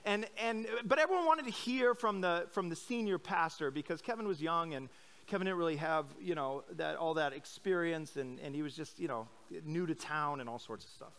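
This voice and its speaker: A man's voice: on the high side, fairly quick, a bit bright, clear, resonant tone. A middle-aged man from Iowa giving a conversational sermon as a pastor, telling stories candidly with lots of fillers and restarts. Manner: chatty storytelling with many likes and restarts; candid, self-deprecating. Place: church service.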